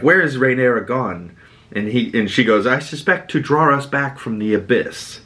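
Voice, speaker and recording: A man with a Boston accent recapping a TV episode as a podcast host, animated and sweary, acting out characters' lines. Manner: animated, quotes characters with dramatic pitch jumps and swearing. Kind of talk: casual recap monologue.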